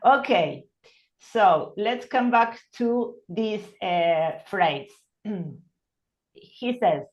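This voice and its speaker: A woman's voice: mid-range voice, lively intonation, drawn-out words, darkish tone, muffled recording. A woman teaching an online English lesson, explaining patiently and checking in with "hmm?".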